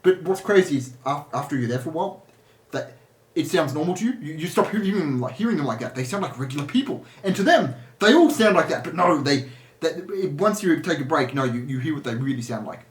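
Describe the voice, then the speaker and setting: Animated man rambling in an echoey room. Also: on the high side, fast talker. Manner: rambling, with many restarts and laughs. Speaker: energy healer. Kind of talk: casual spoken monologue.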